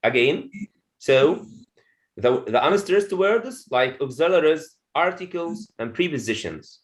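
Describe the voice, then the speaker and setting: A man teaches pronunciation over a video call, speaking slowly and drawing words out one at a time. His voice sits a little high and swings up and down a lot as he stresses syllables, and he often repeats phrases for his class. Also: lively intonation, low-quality recording.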